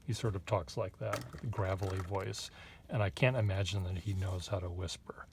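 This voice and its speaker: Give me a man with a lowish voice, rambling and hesitant as he chats while drawing at his desk, with faint pen scratching behind him. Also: fairly even intonation, moderate pace, creaky, darkish tone, slight background noise. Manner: rambling, hesitant, wry asides to viewer. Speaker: artist reviewing pens. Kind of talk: casual chat while drawing.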